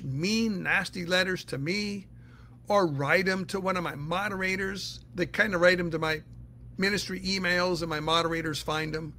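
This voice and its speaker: A man's voice: sits high, sharp tone. A man teaching the Bible in a casual, earnest way, answering listener questions and explaining step by step.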